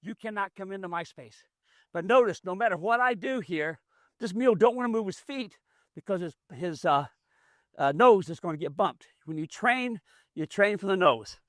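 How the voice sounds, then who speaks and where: A man's voice: high-pitched, lively intonation, normal speed, dry recording, studio quality. A man running a hands-on mule training demonstration outdoors, explaining in a folksy, plainspoken way as he works. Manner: folksy, explains as he works, drawling rural grammar.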